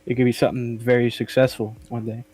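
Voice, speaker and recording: A man's voice: medium pitch, flat delivery, quick pace, a little mellow, slightly rough, poor audio. A young man co-hosting a casual podcast, talking loosely with lots of swearing and laughter. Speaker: podcast co-host. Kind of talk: casual chat.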